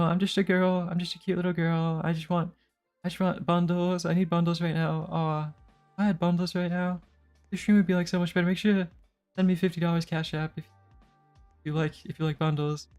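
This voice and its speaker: A man's voice: high-pitched, level tone, a little fast, a little mellow, clear, resonant tone, faint music behind, pitched above the performer's own voice. A man faking a cutesy, wheedling gamer girl. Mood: coy, wheedling. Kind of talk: joking put-on voice on a live stream.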